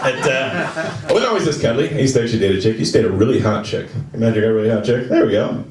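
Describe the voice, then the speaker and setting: A man doing stand-up in a comedy club, his pitch bouncing all over as he tells his bits. He sounds roomy and set back from the mic. A crowd laughs clearly behind him. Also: very fast, distant mic. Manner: animated, jumps into high-pitched voices for quoted people. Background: audience laughing.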